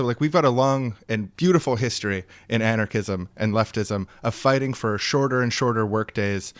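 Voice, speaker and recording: A man's voice: medium pitch, clear, resonant tone, dry recording. A man hosting a podcast, ranting earnestly and with opinions in casual chat. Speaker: podcast host.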